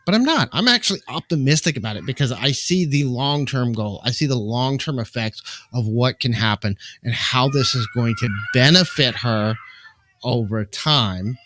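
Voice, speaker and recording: A man hosting a live stream from home, giving a calm, earnest and measured reflective spiritual talk into a microphone. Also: mid-range voice, a little hiss or hum. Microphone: desk microphone.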